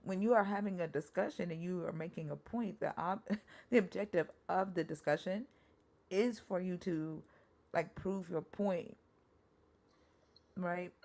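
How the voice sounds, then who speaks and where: A woman's voice: on the low side, unhurried, long pauses, dark tone. A woman in a group discussion who challenges the other side with pointed, probing questions. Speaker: discussion participant.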